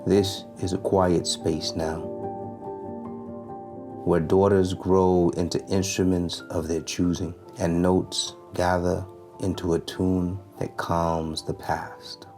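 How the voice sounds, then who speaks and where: Deep, slow-spoken man reading poetry. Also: little pitch movement, music in the background. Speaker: narrator. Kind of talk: poetry reading over music.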